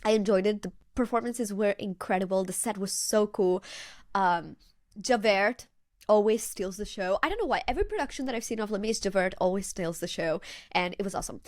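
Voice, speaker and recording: A woman from Spain hosting a podcast, telling stories in a chatty, animated way with many fillers. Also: medium pitch, no echo, clean studio sound. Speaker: podcast host. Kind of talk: casual chat.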